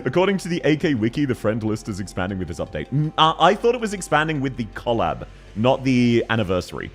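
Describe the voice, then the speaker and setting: An excitable young Australian man commentating his game stream, his pitch swinging widely as he jokes and yells. Quiet game music hums in the background. His voice sits mid-range. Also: brisk. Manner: excitable, bursts into shouting. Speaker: gaming streamer.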